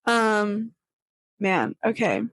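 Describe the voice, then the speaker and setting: A woman's voice: mid-range voice, very animated, drawn-out words, no room sound, rough recording. A young woman hosting a casual chat, talking with lots of fillers and acting out quoted voices. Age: young adult. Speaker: podcast host.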